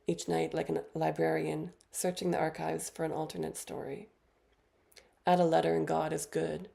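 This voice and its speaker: The featured poet, a woman in her thirties, gives a poetry reading with a measured, deliberate delivery and brief spoken introductions between poems. Her voice is low-pitched and creaky, with a darkish tone.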